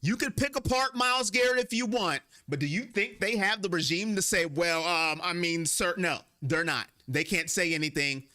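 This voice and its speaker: Casting: male stream host, high lively voice, bright and emphatic, chatty fan commentary. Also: moderate pace, few pauses. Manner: animated, reads chat names, paraphrases a player in an emphatic voice. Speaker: sports livestream host. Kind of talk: casual fan livestream commentary.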